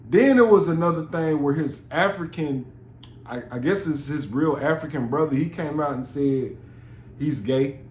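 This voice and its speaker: This podcast host's voice runs on the high side, and he speaks at a normal speed through a loose, profanity-laced monologue. The recording is roomy with a faint noise underneath.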